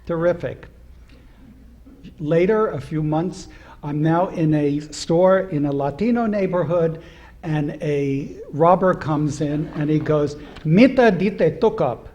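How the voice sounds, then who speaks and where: A man's voice: on the high side, slow, warm tone, dull audio. A rabbi in his seventies giving a humorous anecdotal speech at a celebration, acting out the voices of people in his stories. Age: 70s. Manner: storytelling with humor, acts out quoted voices. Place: synagogue hall at an event.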